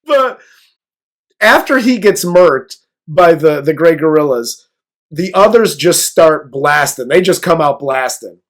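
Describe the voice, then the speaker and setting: A man's voice: a little high, expressive, slow pace. A man co-hosting a casual movie review, recapping the plot with crude jokes in a laid-back way. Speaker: co-host of a movie review show.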